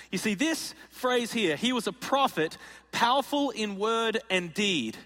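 A male pastor preaching a sermon in an animated, joking way, acting out scenes as he tells them. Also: sits high, long reverb tail. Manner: animated and jokey, acts out scenes.

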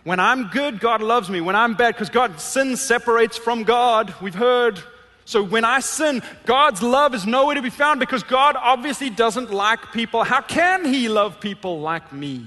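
A man's voice: very high voice, animated, unhurried. Emphatic male preacher in a reverberant hall. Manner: emphatic, swings from loud to hushed. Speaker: pastor. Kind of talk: sermon with object lesson.

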